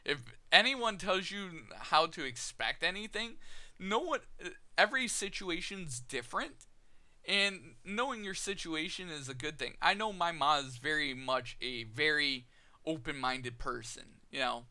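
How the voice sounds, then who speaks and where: Gravelly, bright-toned man telling a personal story. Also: a little high. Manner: halting, many "you know" fillers and restarts. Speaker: vlogger.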